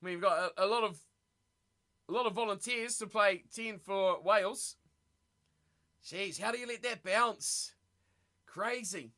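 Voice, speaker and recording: A man hosting a live watch party stream, reacting excitedly to a rugby match and chatting with viewers. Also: high voice, a little slow, pauses often. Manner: excitable, chatty, reads viewer messages aloud.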